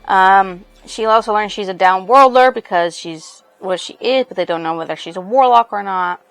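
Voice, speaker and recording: A woman's voice: mid-range voice, moderate pace, vocal fry, smooth, no echo, faint music behind. A woman casually summarizing a book's plot as a book reviewer, rambling loosely with lots of fillers. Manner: rambling, full of fillers and "she's like".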